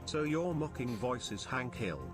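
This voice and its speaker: A synthetic male text-to-speech voice reading out viewer chat messages in a flat, mechanical way. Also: mid-range voice, moderate pace, faint music behind.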